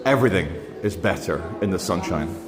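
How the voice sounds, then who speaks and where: A travel vlogger with a low-sitting, lively voice talks briskly to camera, rambling chattily with lots of fillers as he wanders an indoor shopping centre, then settles on an outdoor bench to try food. Music plays behind him, and faint background noise runs through the recording.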